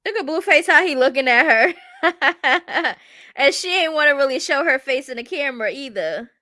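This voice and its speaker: Bright, high-voiced blunt woman commentator. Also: lively intonation, fast, dry recording, clean studio sound. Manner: blunt, chatty, keeps asking "you get what I'm saying". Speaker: stream commentator. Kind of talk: casual reaction commentary.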